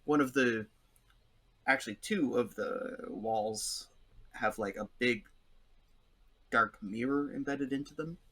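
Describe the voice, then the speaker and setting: A man's voice: mid-range voice, takes it slowly, pauses often, fairly bright tone, husky. Man running a tabletop game, chatty. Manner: rambling storyteller, acts out voices. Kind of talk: casual chat between players.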